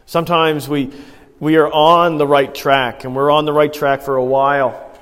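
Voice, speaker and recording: A man with a fairly high voice preaches in a casual, story-driven way, often turning to his listeners with a question. His voice carries a long reverb tail from a church hall. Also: level tone, moderate pace, fairly bright tone. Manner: conversational storytelling with rhetorical questions to the congregation. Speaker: pastor. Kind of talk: sermon.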